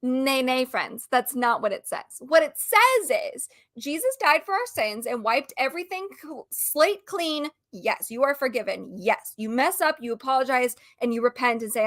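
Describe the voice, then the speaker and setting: Animated ranting woman, bright voice. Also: high-pitched, normal speed. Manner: animated, ranting, laughs often. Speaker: co-host. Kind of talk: casual chat.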